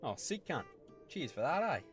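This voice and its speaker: A man with an Australian accent voicing a blunt, laconic wanderer in an animated show who swears heavily. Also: a little high, moderate pace, faint music behind. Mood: gruff. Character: gruff terse Aussie wanderer.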